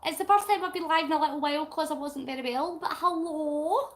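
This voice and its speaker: Woman, Scottish accent, middle-aged, high voice, casual livestream chat, giggly. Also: fast. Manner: chatty and giggly, talks while crafting. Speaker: livestream host. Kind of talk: casual live chat reading comments.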